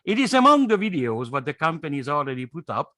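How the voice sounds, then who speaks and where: A man whose first language is Hungarian, giving an enthusiastic guest pitch on a webinar, stressing points and tagging them with "okay?". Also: big pitch swings, fast talker, sharp tone, dry recording. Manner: emphatic, repeats "okay?" and key phrases. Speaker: guest speaker.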